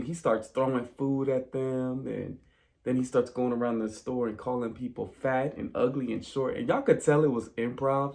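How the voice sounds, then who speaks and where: A man casually recapping a film plot in a spoiler review, telling it as an animated story and talking straight to his viewers. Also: medium pitch. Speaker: movie reviewer.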